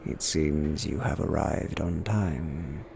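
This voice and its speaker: A man voicing a towering, sinister preacher who speaks slowly and coldly. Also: a bass voice, gravelly, a little mellow, slight background noise, voice pushed down, heavily acted. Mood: menacing. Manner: slow, cold, measured. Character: towering sinister male preacher, eight feet tall.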